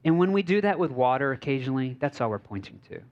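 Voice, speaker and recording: A man's voice: medium pitch, big pitch swings, fast talker. A male pastor giving a conversational sermon, telling stories informally with frequent fillers and restarts. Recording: slightly dull lo-fi recording.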